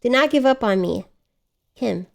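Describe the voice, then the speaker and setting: Animated, chatty woman streamer. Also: a little high, a little slow, vocal fry. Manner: chatty, self-mocking, exclamatory. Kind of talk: casual live gameplay chat.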